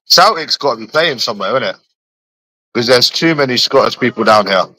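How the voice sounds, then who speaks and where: A man's voice: mid-range voice, lively intonation, brisk, bright, forceful tone, low-quality recording. A young man, chatting casually with friends in repetitive, laughing, slangy banter. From London. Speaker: streamer.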